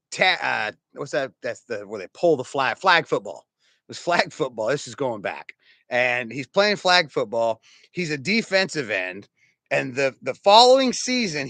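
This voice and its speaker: Animated storytelling preacher, man around fifty. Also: medium pitch, dry recording. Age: about 50. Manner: animated, conversational, chuckles through stories. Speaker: pastor. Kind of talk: storytelling sermon.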